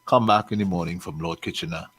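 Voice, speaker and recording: A man hosting a radio chat, his voice sitting a little low. He talks in an animated way, chuckling often and swinging between loud and soft. He is heard through a studio microphone. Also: fast talker, breathy edge, rough recording. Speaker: radio host.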